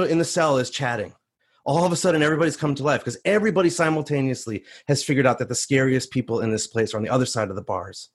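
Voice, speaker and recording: A man telling a first-person story on stage, animated and acting out the voices of others. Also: mid-range voice, breathy edge. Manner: animated, acts out voices in quotes.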